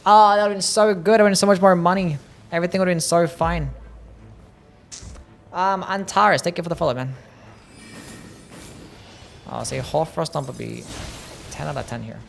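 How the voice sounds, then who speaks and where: Gravelly-voiced man grumbling through gameplay. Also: fairly high pitch, normal speed, pauses often, faint music behind. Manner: grumbling, self-pitying, repeats complaints, swears. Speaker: live streamer playing a game. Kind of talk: casual gameplay commentary.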